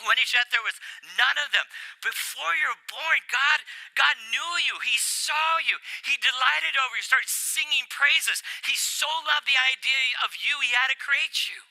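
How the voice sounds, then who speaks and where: An older man preaching a sermon, animated and playful, getting worked up as he speaks. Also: very high voice, unhurried, creaky, poor audio. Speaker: pastor.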